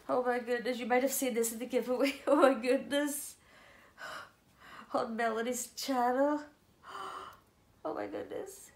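A woman chatting casually to viewers as she unboxes a doll parcel, gushing and excitable. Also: a little high, echoey room. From Ireland. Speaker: doll collector vlogger.

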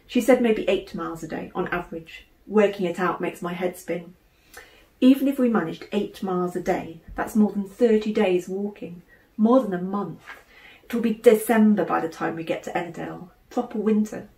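A woman, an author, reading her children's novel aloud in measured, expressive narration. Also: medium pitch. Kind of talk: audiobook narration. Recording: roomy room echo.

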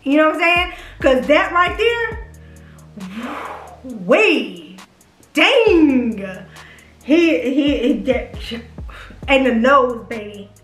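A woman's voice: high-pitched, big pitch swings, drawn-out words, pauses often, a bit bright. A young woman, chatting on a vlog about who she would date, gushing and profane as she teases her viewers. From Houston, Texas. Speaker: vlogger. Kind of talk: casual chat, smash-or-pass reactions. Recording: echoey room, faint music.

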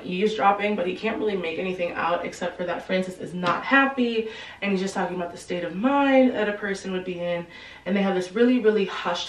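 A woman casually retelling a novel's plot in a chatty, slangy way, quickly acting out the characters' lines. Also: mid-range voice, roomy sound, far from the mic, rough recording. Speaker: book explainer. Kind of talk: casual book recap.

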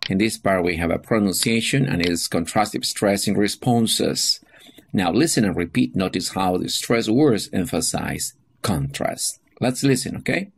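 A man's voice: deep voice, animated, normal speed, gravelly, husky. A man teaching an English class, walking students through a workbook and often checking in with "okay?" and "all right?". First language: Spanish. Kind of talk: classroom explanation of a textbook lesson.

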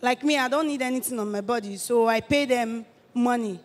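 An eighteen-year-old woman with a Nigerian accent gives a halting personal testimony, often restarting her phrases. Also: a little high, in a large hall. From Delta State, Nigeria. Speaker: testifying church guest.

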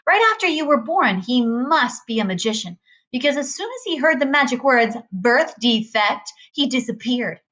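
A woman's voice: high-pitched, lively intonation, moderate pace, a bit bright. A woman reading aloud, voicing a brash, mocking tough woman in a storybook. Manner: taunting, sassy.

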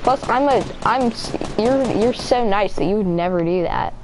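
A woman's voice: mid-range voice, moderate pace, background noise. A woman hosting a casual gameplay chat, teasing her partner playfully and giggling often. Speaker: gaming channel host.

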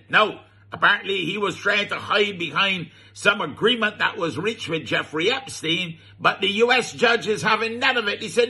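A man's voice: sits high, moderate pace, pushed and bright, breathy edge. A man with a Barbadian accent giving comic satirical commentary, chuckling and mock-scandalized, drawing out his words. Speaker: radio comedy commentator.

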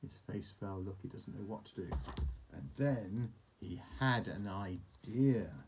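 A man's voice: low-pitched, animated, takes it slowly, darkish tone, a little hiss or hum. A man reading a picture book aloud to a child, with playful, chatty asides.

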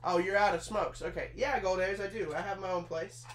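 A man's voice: sits high, fairly even intonation, brisk, fairly bright tone. A man in his twenties chatting casually with his live chat while he assembles a chair, swearing now and then, hot and sweaty from the work. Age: 20s. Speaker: streamer. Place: small room in his trailer. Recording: echoey room with faint hum.

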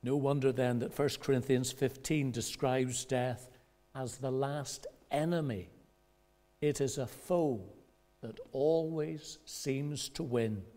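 A male pastor preaching a sermon in a measured way, pausing for effect and rising in pitch when he quotes others. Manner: measured preaching with dramatic pauses; rises in pitch and loudness when quoting voices. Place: church.

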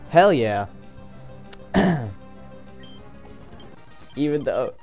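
A young man talks through his game in loose, excitable commentary, swearing freely and cracking jokes to himself. His voice sits at an ordinary middle pitch. Faint game music plays under him. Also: a little slow. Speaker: gameplay commentator. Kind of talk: casual gameplay commentary.

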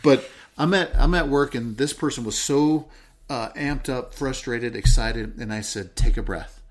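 Man explaining, dropping into a slow calm voice. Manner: explains with stories, drops into a slow low calm voice to demonstrate. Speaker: podcast co-host. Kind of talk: casual podcast chat.

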